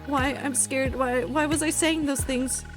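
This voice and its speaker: Woman streamer reads a pleading, panicky hacked man, higher-pitched and strained. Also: steady tone, a little slow, faint music behind. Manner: pleading, frantic. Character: panicked man being erased by mind hacking. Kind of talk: reading game dialogue aloud.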